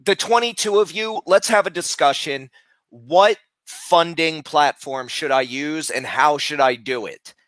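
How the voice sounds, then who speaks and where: A man live streaming, talking casually and loudly berating people with heavy profanity. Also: a little high, measured pace, no echo.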